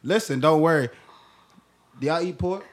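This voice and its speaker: A young man co-hosting a casual podcast, rambling through a profane story in animated chat. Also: fairly high pitch, moderate pace. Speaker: podcast co-host.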